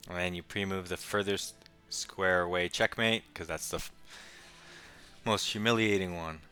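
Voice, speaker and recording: Deep-voiced man muttering chess play-by-play. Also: steady tone, sharp tone, soft background music. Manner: quick, muttering play-by-play with wry asides. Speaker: chess streamer. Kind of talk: casual live game commentary.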